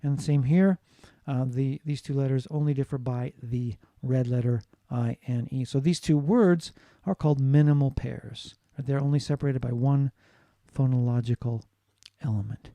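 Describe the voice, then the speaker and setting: A man delivers a recorded lecture in a deep, very mellow tone. He explains things patiently and often checks in with his listeners. The sound is dry and close, with almost no room around it. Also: steady tone, normal speed, hardly any pauses, no echo. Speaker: teacher.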